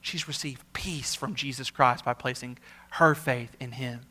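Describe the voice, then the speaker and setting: A male senior pastor preaching a sermon. He speaks earnestly, repeats words for emphasis, and swings from emphatic peaks to quiet asides. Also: mid-range voice, fairly even intonation, unhurried.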